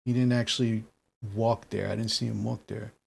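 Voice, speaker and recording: A man voicing a nervous teenage boy who talks softly and haltingly. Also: on the low side, little pitch movement, vocal fry, slightly rough, heavily acted. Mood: unsure.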